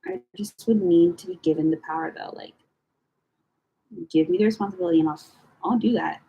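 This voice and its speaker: A young woman chatting casually to camera as she sorts through her files, rambling and swearing with slangy, animated talk. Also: fairly low pitch, brisk, creaky, highs cut off, slight background noise. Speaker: vlogger.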